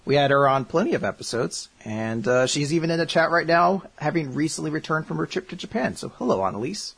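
A man's voice: fairly high pitch, fast talker, creaky, husky. A man co-hosting a podcast, chatting casually and joking as he looks back on the series they covered. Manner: jokey, animated, laughs often. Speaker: podcast co-host.

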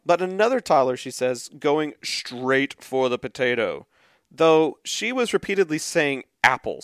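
Animated man with a lively voice. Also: on the high side, no echo, clean studio sound. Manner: animated, laughs often, acts out quoted kids loudly. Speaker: podcast co-host. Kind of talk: casual chat, reading tweets aloud.

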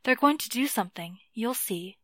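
A woman's voice: fairly high pitch, expressive, normal speed, bright, forceful tone, dry recording. Woman reading as an old lady, grim and matter-of-fact, dead sure of herself, dry close sound.

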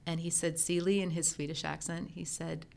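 A middle-aged woman with a slightly low voice chats as an interview guest. She tells her story in a lively, casual way and slips into the voices of the people she quotes. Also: normal speed, vocal fry. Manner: lively storyteller who acts out remembered dialogue. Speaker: guest, professional organizer turned entrepreneur.

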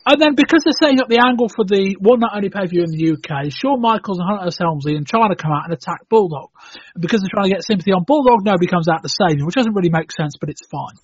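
A man's voice: sits high, lively intonation, racing, husky, no room sound, highs cut off. A man co-hosting a casual podcast, reviewing wrestling with sarcasm and casual swearing. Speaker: podcast co-host.

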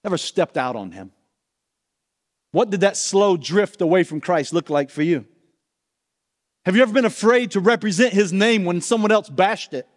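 Man, pastor, sermon, earnest, direct questions, high voice, long hall reverb. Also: animated, normal speed, long pauses.

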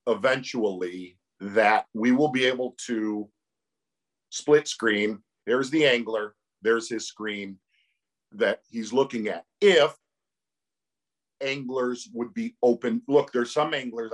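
A man's voice: mid-range voice, takes it slowly. A middle-aged man, a tournament commentator, telling stories with animation and laughter in a casual interview.

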